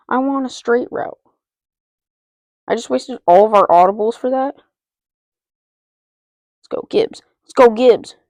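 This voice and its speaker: A woman giving excitable live commentary on her own football video game, repeating player names and talking to herself as she plays. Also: mid-range voice, no room sound. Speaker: gaming channel host.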